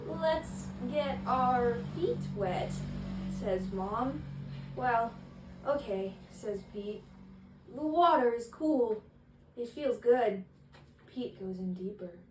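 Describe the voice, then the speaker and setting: A woman's voice: a little high, lively intonation, very slow, a little mellow. A woman reading a children's picture book aloud in different practice voices, hesitant and self-conscious. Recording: echoey room with faint ambient noise.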